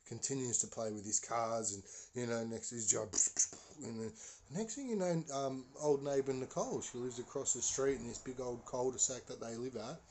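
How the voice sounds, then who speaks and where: A man's voice: medium pitch, moderate pace, darkish tone, a little hiss or hum. A man, a podcast host telling a ghost story casually, rambling with many fillers and restarts.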